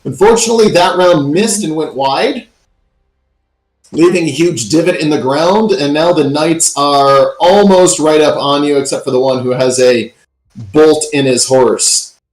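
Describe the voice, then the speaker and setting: A man running a tabletop game as dungeon master, narrating events in a relaxed storytelling way. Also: a little high, unhurried, roomy sound, rough recording.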